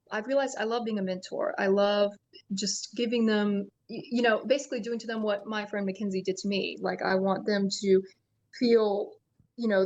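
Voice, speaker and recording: A woman's voice: medium pitch, lo-fi sound. Chatty woman haunt actor. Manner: chatty, many fillers, laughs easily. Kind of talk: casual interview chat.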